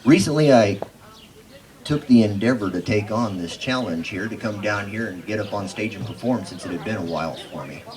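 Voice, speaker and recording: A man's voice: lowish voice, a little fast, a little mellow. A middle-aged man, telling stories and reciting cowboy verse on stage in an easygoing, chatty way. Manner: folksy, easygoing, chatty with the crowd. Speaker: cowboy poet.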